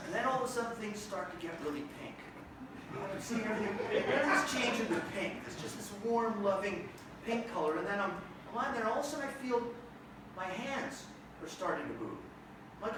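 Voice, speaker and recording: Man, stand-up storyteller, high voice, animated and jokey, echoey theater, distant mic, audience noise. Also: fairly quick. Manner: animated, jokey, acts out his own reactions. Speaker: comedian performing a one-man show. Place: theater stage.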